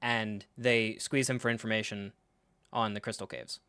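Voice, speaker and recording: A man hosting a live reaction stream, talking in an animated, sarcastic way, swearing freely and acting out scenes. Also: lowish voice, normal speed, clear, resonant tone, dry recording. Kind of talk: casual live reaction commentary.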